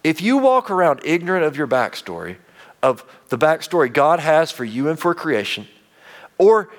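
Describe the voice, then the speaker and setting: Earnest pastor preaching. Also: male voice, fairly high pitch. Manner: conversational preaching, earnest, frequent restarts, dropping to quiet intensity. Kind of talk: sermon.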